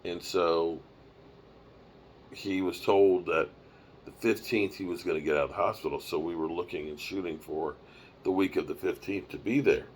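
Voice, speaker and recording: A tired, yawning man in his fifties rambles casually on a live stream from the road, using a microphone and small mixer in a mobile setup. His voice is low-pitched at a moderate pace, with slight background noise.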